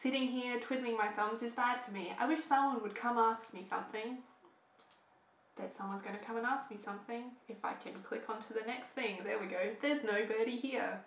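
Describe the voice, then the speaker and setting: A woman's voice: a little high, steady tone, fairly quick, slight background noise. A woman hosting a casual let's play, chatty and giggly as she reads the game text aloud. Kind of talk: casual gameplay commentary. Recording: echoey room with background music.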